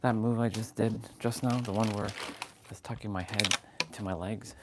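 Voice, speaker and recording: A man's voice: on the low side, fairly even intonation, moderate pace, very noisy. A man hosting a live workout stream, counting his exercise reps aloud and chatting with viewers in a friendly way. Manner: friendly, greets viewers as brother. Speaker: fitness livestream host.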